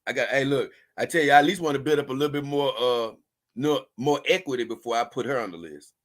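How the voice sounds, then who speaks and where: A man's voice: medium pitch, fast talker. A man hosting a casual livestream, reading viewer comments and rambling on in loose, with chuckling asides. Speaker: livestream host.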